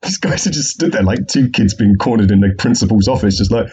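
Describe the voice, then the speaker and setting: A man's voice: lowish voice, animated, brisk, warm tone, husky. A man hosting a casual solo podcast, jokey and rambling, swearing freely. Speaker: podcast host.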